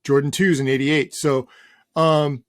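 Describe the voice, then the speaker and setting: A man's voice: fairly high pitch, level tone, a little slow, dry recording. Middle-aged male guest, loose and rambling, casual swearing, dry recording. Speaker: guest, sneaker journalist. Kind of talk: casual interview chat.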